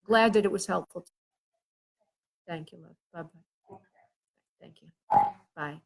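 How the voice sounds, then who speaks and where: A woman hosting a show as a spirit medium, giving a live reading in a gentle, soothing way and often checking that the caller understands. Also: on the low side, takes it slowly. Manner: hesitant, with frequent filler sounds and restarts.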